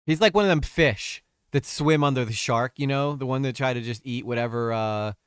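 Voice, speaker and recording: A man's voice: mid-range voice, fairly quick, fairly bright tone, clear, resonant tone, no room sound, clean studio sound. A man commenting on a stream, crude and exasperated, mocking what he reads.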